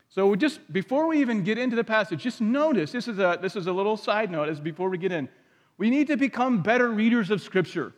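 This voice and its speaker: A man with a high voice delivers a sermon in a relaxed, conversational way. He keeps checking in with his listeners through questions. His voice carries a long reverb. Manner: conversational, asks the audience questions. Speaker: pastor.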